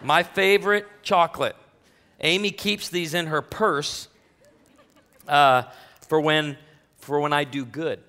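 A man's voice: on the high side, fairly even intonation, slow, long pauses, sharp tone, big-room sound, slight background noise. A man preaching a sermon as pastor in a church, talking straight to the congregation in a joking, self-deprecating, conversational way. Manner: talks directly to the congregation. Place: church sanctuary.

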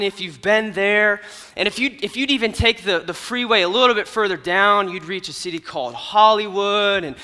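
A young man giving a comedic storytelling sermon at an event, animated and swinging from hushed to loud. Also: high-pitched. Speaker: youth speaker at an event. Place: large hall at an event. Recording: hall reverb from a stage.

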